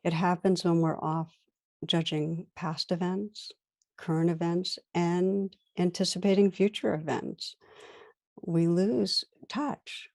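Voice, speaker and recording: A woman meditation teacher giving a gentle, reflective dharma talk, weaving in stories. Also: lowish voice, steady tone, takes it slowly, vocal fry, no echo.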